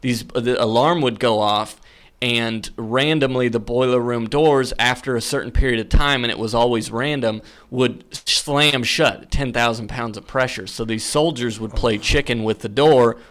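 A young man telling a story on a podcast, loose and full of fillers, getting animated at the spooky parts. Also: mid-range voice, moderate pace. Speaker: podcast guest. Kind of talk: casual storytelling.

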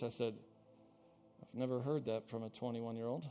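High-voiced animated preacher man. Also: moderate pace, soft background music. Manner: animated preaching with rising emphatic peaks; playful, self-teasing asides. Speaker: pastor. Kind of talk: sermon.

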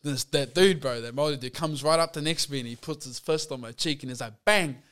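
Laid-back high-voiced New Zealand man. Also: fast talker, fairly bright tone. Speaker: guest. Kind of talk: casual chat.

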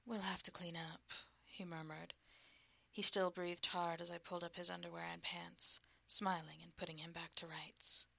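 A woman narrating a story as whispered role-play, hushed and slow. Her voice is low and gravelly with a crisp, bright edge. The recording is close and dry. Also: no room sound.

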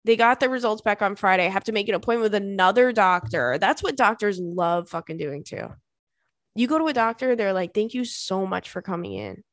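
A woman's voice: mid-range voice, lively intonation, fairly quick, no room sound. Chatty, dry-miked woman podcaster. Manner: candid, chatty oversharing with frequent laughter and swearing. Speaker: podcast host. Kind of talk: casual chat.

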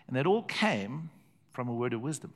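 A man's voice: mid-range voice, very animated, normal speed. An older man with a South African accent, preaching a sermon built around a personal story and repeating phrases for effect.

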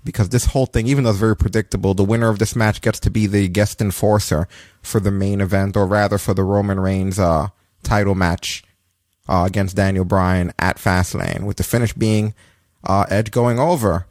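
A man's voice: steady tone, moderate pace, darkish tone, dry recording, clean studio sound. A man co-hosting a casual podcast, recapping wrestling in a rambling way with frequent fillers. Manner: rambling, swears, breaks into high laughing rants. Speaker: podcast co-host.

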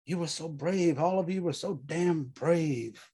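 A man's voice: fairly high pitch, unhurried, warm tone, breathy edge. A man voicing a haunted male veteran platoon leader who pleads, grieves and snaps in anger. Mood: grieving. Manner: pleading, exasperated, grief-stricken.

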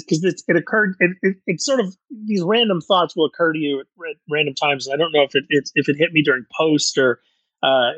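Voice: mid-range voice, a bit bright, husky, dry recording, rough recording. A guest from the show's creative side, rambling casually with chuckles and some swearing. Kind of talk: casual interview chat.

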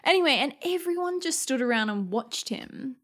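Chatty young woman, animated storyteller. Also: high voice, normal speed. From Australia. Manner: animated storytelling, acts out quotes, laughs often. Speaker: podcast co-host. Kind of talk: casual chat.

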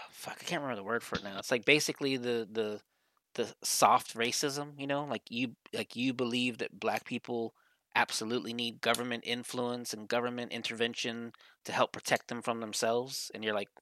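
A man's voice: mid-range voice, steady tone, normal speed, pushed and bright, no room sound. A man co-hosting a podcast in casual chat, rambling and swearing as he acts out other people's lines. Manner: rambling, profane, acts out quotes. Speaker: podcast co-host.

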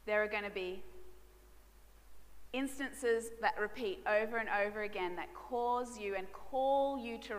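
A woman's voice: medium pitch, a bit bright. A woman pastor preaching a sermon with passion and emphasis, repeating key lines. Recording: reverberant hall with music behind.

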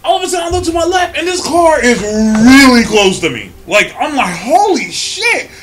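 A young man from California, telling a story in a casual chat as a podcast host. He is animated and profane, and often laughs as he talks. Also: extremely high pitch, brisk, noisy background.

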